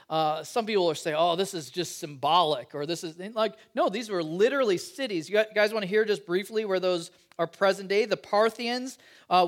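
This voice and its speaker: A man preaching a sermon, reading scripture and adding chatty, joking asides in an animated way. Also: high-pitched. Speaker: pastor.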